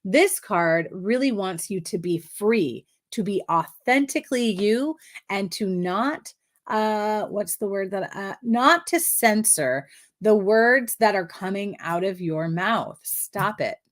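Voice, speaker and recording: A woman's voice: mid-range voice, lively intonation, slow pace. A woman giving live numerology card readings, effusive and giggly, often repeating affirmations. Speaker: numerology reader.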